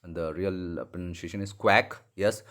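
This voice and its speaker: Lively Indian English teacher for kids. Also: male voice, medium pitch. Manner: slow, repetitive explaining, mixing in Hindi; apologises and corrects himself mid-lesson. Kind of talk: online classroom lesson for young children.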